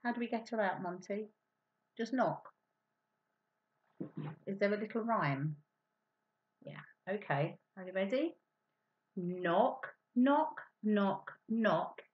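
A woman teaches small children, speaking slowly and in an exaggerated, encouraging way, with hushed asides to her audience. Her fairly high voice swoops up and down with great liveliness. The recording sounds dull and muffled. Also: expressive. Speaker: teacher presenting to young children. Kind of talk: children's maths lesson with a puppet.

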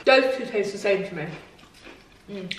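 A woman's voice: medium pitch, a little slow, a little hiss or hum. A woman in her twenties chatting casually and retelling a story with lots of "like". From England. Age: 20s. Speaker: vlog co-host. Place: home room. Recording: echoey room, mic at a distance.

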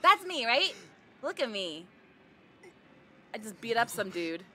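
A woman's voice: a little high, sing-song, a little slow, sharp tone, a little hiss or hum. A woman streaming a game, chatting playfully with her chat, laughing often and greeting viewers with pirate-style ahoys. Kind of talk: casual live-stream chat while gaming.

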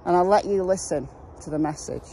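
Brief: woman host, mellow tone, chatty true-crime storytelling, recorded outdoors with faint traffic. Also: lowish voice, brisk, low-quality recording. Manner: conversational, with asides and restarts. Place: outdoors, walking near traffic.

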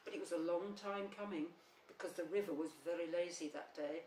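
A woman reading a children's story aloud in a gentle, unhurried storytelling manner. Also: fairly low pitch. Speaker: storybook reader. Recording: roomy, slightly distant, faint hum.

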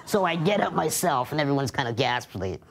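A man's voice: on the high side, big pitch swings, a little fast, creaky. Dry, matter-of-fact male comedian. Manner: dry, matter-of-fact delivery with acted quotes. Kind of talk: comic storytelling to an audience.

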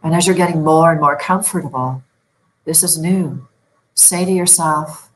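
Low-voiced woman, calm sleep coach. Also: a little hiss or hum, rough recording. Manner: slow, soothing instructions addressed to the viewer. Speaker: sleep and stress management coach. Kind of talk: guided relaxation lesson.

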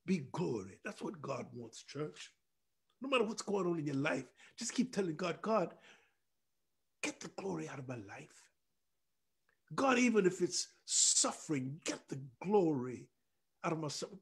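A man preaching a Bible study sermon as pastor, fervent, swinging from near shouts down to a hush. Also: high-pitched, husky. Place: church or ministry room.

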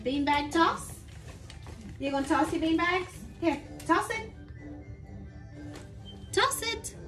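A woman's voice: very high voice, animated, slow pace, a bit bright, roomy sound, soft background music. A mother coaching her young child through play, coaxing and encouraging him with short, repeated cheers. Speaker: mother vlogger.

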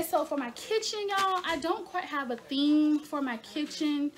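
A woman's voice: sits high, expressive, unhurried. A young woman chatting casually in a home haul video, talking to her viewers as y'all. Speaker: lifestyle vlogger.

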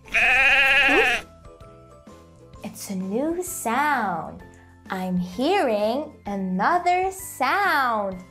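A woman teaching toddlers in a slow, sing-song lesson voice, asking exaggerated, cheerful questions and drawing out her words. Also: sits high, a bit bright. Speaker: children's teacher. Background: faint background music.

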